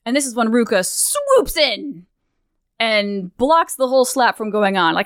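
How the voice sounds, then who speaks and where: A woman co-hosting a podcast talks through a game's story in a lively, casual way, slipping into the characters' voices as she tells it. Her voice is smooth and clear, and it sits close and dry on the microphone. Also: on the high side, unhurried, dry recording. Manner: animated, acts out characters' lines with swearing and laughter. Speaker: podcast co-host. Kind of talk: casual chat recapping a game questline.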